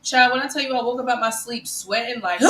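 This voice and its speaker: A woman on a talk show panel, telling a personal story in an animated way. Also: fairly high pitch, roomy sound, a little hiss or hum, low-quality recording. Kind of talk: casual panel chat.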